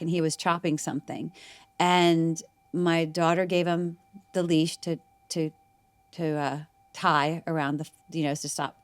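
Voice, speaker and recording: A middle-aged woman with a lowish voice tells a long personal story in a relaxed interview. She rambles, restarts her sentences and acts out what people said. The sound is close and dry, with no room around it. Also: no echo. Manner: rambling, animated retelling with restarts and quoted voices. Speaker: guest.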